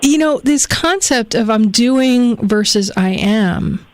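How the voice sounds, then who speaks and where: A woman's voice: fairly high pitch, lively intonation, slow pace. An American woman hosting a live radio talk show, effusive and enthusiastic as she interviews a guest.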